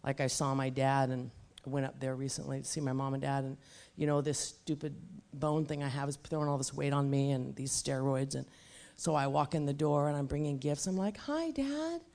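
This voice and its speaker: A middle-aged woman preaching a sermon in an emphatic, animated way, mixing in humorous personal stories. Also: rumbling low, brisk. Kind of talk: sermon with comic storytelling.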